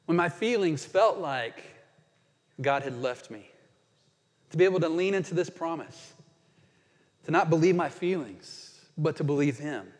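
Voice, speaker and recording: A man's voice: fairly high pitch, lively intonation. Earnest male pastor in a reverberant church. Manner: earnest, with dramatic slowdowns on quoted scripture. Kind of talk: sermon. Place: church sanctuary.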